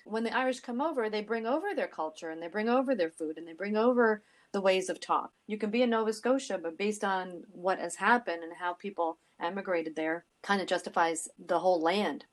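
A woman's voice: mid-range voice, a little fast, hardly any pauses. A middle-aged woman co-hosting a casual podcast chat, telling stories animatedly with frequent asides. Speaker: podcast co-host.

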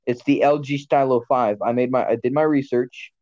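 A man's voice: mid-range voice, fairly even intonation, moderate pace, a little mellow, dry recording. A man hosting a casual podcast chat, rambling and blunt, often correcting himself mid-sentence. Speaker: podcast host. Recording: dull lo-fi sound.

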